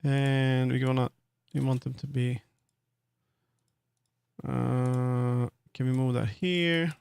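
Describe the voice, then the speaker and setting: Slow rambling Swedish-accented man. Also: medium pitch, little pitch movement, creaky, darkish tone, smooth, no echo. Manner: rambling, many fillers and restarts. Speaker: streamer. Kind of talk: casual live-stream commentary while working in 3D.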